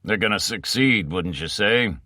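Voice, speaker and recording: A man's voice: fairly low pitch, expressive, a little slow, bright, forceful tone, no room sound, clean studio sound, exaggerated voice. A man reading a wry, shrewd detective. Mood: grim.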